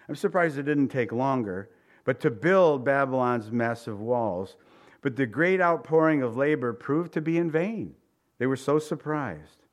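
A man preaching a verse-by-verse sermon, reading scripture aloud and then commenting in a relaxed, conversational way, sometimes acting out incredulous reactions. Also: medium pitch. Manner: animated, acts out incredulous reactions.

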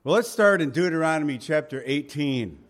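Plainspoken pastor preaching conversationally. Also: male voice, fairly high pitch, lively intonation, brisk. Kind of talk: sermon and prayer.

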